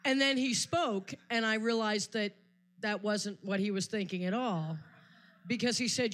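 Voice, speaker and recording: A woman's voice: medium pitch, unhurried, a bit bright. A woman doing a stand-up set on a live stage, telling stories in a dry, wry way. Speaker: stand-up comedian.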